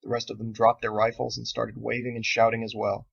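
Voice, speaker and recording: A man reading his own novel aloud in steady, measured audiobook narration. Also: mid-range voice, vocal fry, husky, highs cut off.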